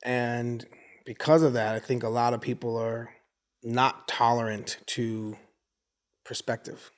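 A man's voice: mid-range voice, unhurried. A man in his forties, from the United States, telling stories as an interview guest and slipping into voices from his neighborhood. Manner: animated storyteller who acts out neighborhood voices. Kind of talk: casual interview.

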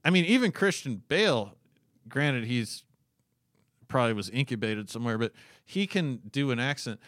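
A man's voice: mid-range voice, expressive, moderate pace, a bit bright, no room sound, studio quality. A man co-hosting a podcast in casual chat, ranting and swearing, exasperated. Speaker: podcast co-host.

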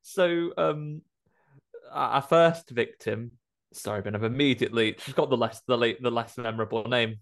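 A man's voice: medium pitch, normal speed. A young man co-hosting a podcast, trading jokey, sarcastic remarks about a horror film. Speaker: podcast co-host. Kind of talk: casual film chat.

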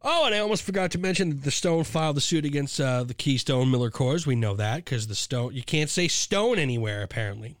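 A man's voice: mid-range voice, expressive, brisk, few pauses, dry recording. A man hosting a casual beer review podcast, talking in a profane, ranting way with heated outbursts.

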